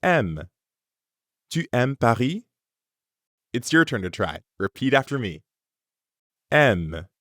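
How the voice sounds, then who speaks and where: A man leads a language lesson at an easy, slow pace. His voice moves lively up and down as he spells out sounds carefully for learners. The recording is dry and close, with no room around him. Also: mid-range voice, no room sound. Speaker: language teacher. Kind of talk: scripted lesson narration.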